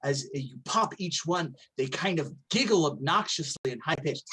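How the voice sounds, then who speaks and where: A woman narrating a tabletop game as game master, in a playful, deliberate way. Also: low voice, background noise.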